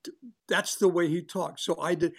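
A man's voice: sits high, steady tone, normal speed, creaky. An older man, a longtime sports broadcaster, telling chatty anecdotes in an interview and acting out what others said. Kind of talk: casual storytelling in an interview.

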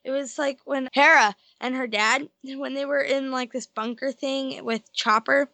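A young woman with a high, bright voice chats casually and leans on "like" as she tells a story. The recording is close and dry. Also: fairly even intonation, a little slow, no echo. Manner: chatty, retelling with "like". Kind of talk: casual discussion.

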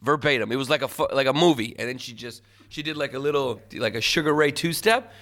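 A man's voice: medium pitch, quick pace, a bit bright. A man, a stand-up comedian, telling his story casually in an interview with loose fillers and laughs.

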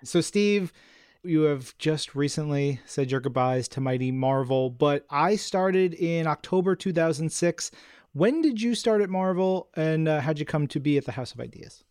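A man's voice: a little high, expressive, moderate pace, darkish tone, clean tone, dry recording. Friendly man co-hosting a podcast, dry sound. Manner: friendly, reads emails aloud. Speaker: podcast co-host. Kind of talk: casual podcast chat.

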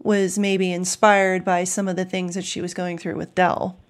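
A woman's voice: lowish voice, little pitch movement, moderate pace. Reflective chatty woman on a podcast. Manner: reflective, chatty storytelling with hesitations. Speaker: podcast co-host or guest. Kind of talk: casual podcast chat.

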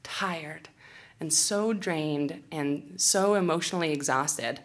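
A young woman who is an outdoor educator stands on stage with a handheld or stage microphone, telling a funny story that pokes fun at herself and laughing frequently. She speaks slowly in a deep voice.

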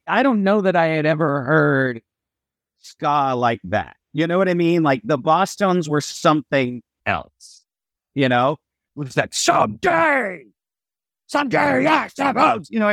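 A middle-aged man chatting on a podcast, his pitch swinging widely as he tells stories and acts out quotes. The sound is dry and close. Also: no echo. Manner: animated storyteller, acts out quotes. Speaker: guest musician. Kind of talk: casual podcast chat.

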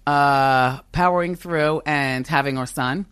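Brief: woman, 50s, big commanding voice on the lower side, animated and emphatic, dry close podcast sound. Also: moderate pace, no room sound. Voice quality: strong, commanding voice. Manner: animated, emphatic, laughs often. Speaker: talk show host as podcast guest. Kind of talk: candid interview conversation. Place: office with a kitchen upstairs.

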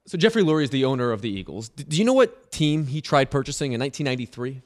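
A man co-hosting a sports radio show, making a wry, argumentative case in quick banter. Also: medium pitch, sing-song. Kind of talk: casual sports talk banter.

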